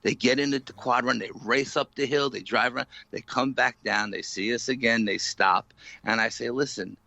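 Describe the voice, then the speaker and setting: A man being interviewed as a paranormal investigator, retelling an eerie night in an animated, dramatic way full of "you know". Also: mid-range voice, normal speed, gravelly, no room sound. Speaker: paranormal investigator, podcast guest. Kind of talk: storytelling in a casual interview.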